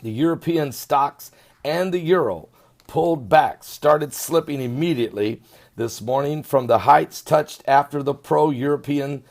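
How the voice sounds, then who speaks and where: A man giving an animated, sarcastic video commentary, swinging between loud emphasis and muttering. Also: fairly high pitch, measured pace, creaky. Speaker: online commentator.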